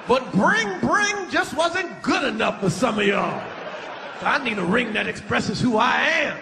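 A man doing a stand-up comedy routine on a large theater stage, loud and animated, shouting his punchlines into a handheld mic. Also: very high voice, creaky, big-room sound. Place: large theater stage before a laughing audience. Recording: live concert recording with crowd noise.

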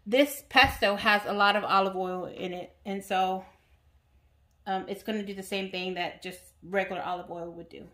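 Bright-voiced chatty woman cooking vlogger. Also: medium pitch, steady tone, normal speed. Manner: chatty, talks straight to viewers. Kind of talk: casual cooking demonstration. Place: home kitchen.

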